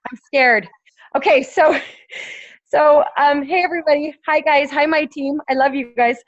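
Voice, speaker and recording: A woman sharing earnestly on a group call from her phone, her voice hoarse from yelling. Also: high-pitched, steady tone, a little slow, dry recording. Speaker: team member on a group call. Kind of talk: casual sharing on a video call. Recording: dull lo-fi phone audio.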